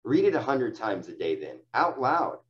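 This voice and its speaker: A man's voice: medium pitch, big pitch swings, normal speed, muffled recording. A man giving casual, encouraging coaching to his sales agents, full of fillers and restarts. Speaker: sales team leader. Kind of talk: coaching talk on phone sales.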